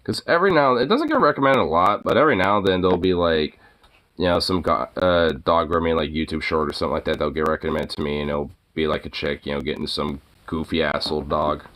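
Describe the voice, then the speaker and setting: A man's voice: very deep voice, fast, a bit bright. A man streaming casually, cooing baby talk at his dog and chatting with viewers, swearing freely. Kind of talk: casual chat.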